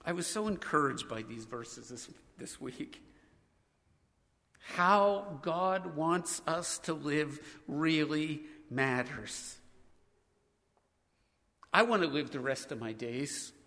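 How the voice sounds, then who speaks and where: High, bright-voiced male preacher. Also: in a large hall. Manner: earnest, reads scripture aloud and leads the congregation in prayer. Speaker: pastor. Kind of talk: sermon.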